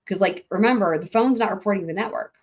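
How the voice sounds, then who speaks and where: A woman hosting a live stream, talking through maps and records as she goes. She rambles, restarts her sentences and swears freely, in a voice of ordinary pitch. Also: fast talker. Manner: rambling, profane, thinking aloud with frequent "like" and restarts. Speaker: livestream host. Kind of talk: casual live commentary over maps.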